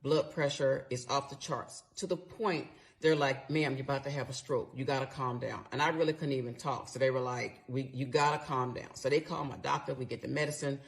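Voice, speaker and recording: A woman's voice: very deep voice, steady tone, brisk, gravelly, few pauses. A middle-aged woman telling a personal story in a candid, conversational way, swearing freely as she replays her side of the argument.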